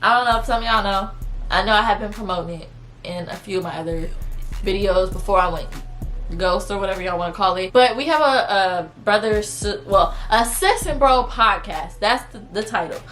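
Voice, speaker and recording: A woman in her twenties telling a dramatic storytime to her channel, acting out what people said in a casual, lively way. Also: mid-range voice, a little fast, faint music behind. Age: 20s. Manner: animated, dramatic retelling with quoted voices. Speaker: vlogger.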